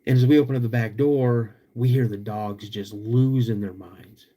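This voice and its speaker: A young man with a drawl tells a story on his podcast. He stretches out the tense moments, then jumps into sudden loud bursts as he relives what he saw. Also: medium pitch, fairly even intonation, normal speed. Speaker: podcast host.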